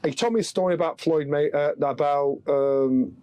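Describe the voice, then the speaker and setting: A man's voice: a little high, moderate pace, no room sound. A middle-aged man from England, a guest on a podcast, telling stories in casual chat and acting out the voices of the people in them. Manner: animated storyteller, acts out quoted voices. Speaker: podcast guest, former boxing world champion.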